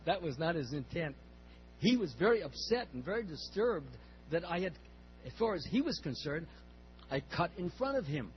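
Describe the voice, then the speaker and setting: Older man telling a story in a high voice. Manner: rambling, with repeated words and restarts. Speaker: speaker at a temple class. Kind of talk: storytelling class talk. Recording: slightly muffled, faint hum.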